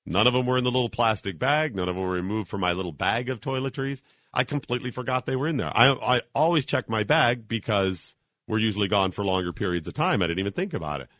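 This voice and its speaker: A man hosting a talk radio show, telling a story in an animated, indignant way and acting out the people in it. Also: fairly low pitch, fast talker, dry recording, clean studio sound. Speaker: radio host. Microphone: studio mic.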